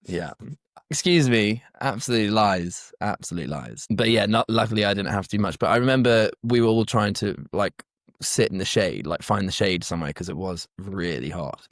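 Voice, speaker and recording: A British actor talks as an interview guest in an easygoing, joking way, full of fillers. His voice is low and deep. The sound is dry and close. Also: brisk, no echo. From Britain. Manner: laid-back, joking, filler-heavy. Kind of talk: casual interview chat.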